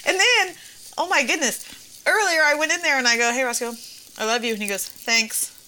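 A woman's voice: high voice, a little fast, bright, forceful tone, a little hiss or hum, rough recording. A woman in her thirties co-hosting a casual chat, telling stories with sarcasm and frequent laughter. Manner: laughs often, sarcastic storytelling. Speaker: podcast co-host.

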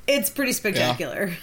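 A woman's voice: medium pitch, fairly bright tone, a little hiss or hum. A woman co-hosting a casual sibling podcast, chatting and telling stories with frequent giggles. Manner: giggly, rambling storyteller. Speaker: podcast co-host. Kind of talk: casual chat.

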